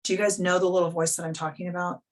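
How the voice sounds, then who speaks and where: A woman's voice: lowish voice, little pitch movement, racing. A woman life coach hosting a live video coaching call, talking frankly and bluntly in a casual, chatty way.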